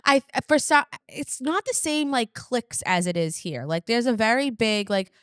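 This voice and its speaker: Chatty Boston woman with a smooth voice. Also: fairly high pitch, very animated, normal speed, no echo, clean studio sound. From Boston area. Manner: chatty, rambling with many restarts. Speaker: podcast host. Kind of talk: casual podcast chat.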